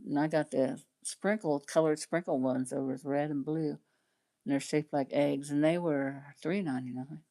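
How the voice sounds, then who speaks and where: A woman's voice: deep voice, steady tone, normal speed, mellow. A middle-aged woman chatting casually on her livestream, rambling and laughing often. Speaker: livestream host chatting with viewers.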